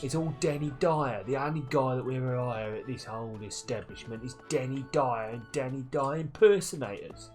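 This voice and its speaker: A man's voice: medium pitch, moderate pace, hardly any pauses, darkish tone, soft background music, natural voice. A man voicing a rude male monastery guard in a Cockney accent, blunt and insulting. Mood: mocking.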